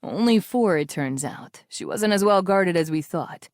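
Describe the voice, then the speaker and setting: A restrained, steady man who keeps his voice calm and measured even under strain, as a woman reader plays him. She pitches him below her own voice and slows down. The sound is dry and close. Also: no room sound.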